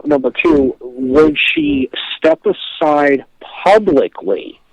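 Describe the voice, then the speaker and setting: A man co-hosting a casual political podcast, blunt and profane, swinging from loud outbursts to low asides. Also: gravelly, rough recording. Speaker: podcast co-host.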